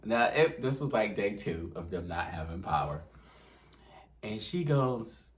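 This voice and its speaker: A man's voice: fairly low pitch, measured pace. A man hosting a podcast, chatting casually and telling stories, laughing often. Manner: animated storyteller, laughs often. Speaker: podcast host. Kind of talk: casual chat.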